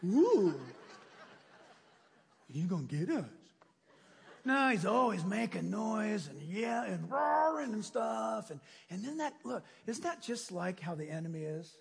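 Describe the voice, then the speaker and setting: Pastor guy preaching, high voice that jumps all over, kinda husky, long hall echo behind him. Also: normal speed, hardly any pauses. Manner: animated storyteller acting out voices. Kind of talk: sermon.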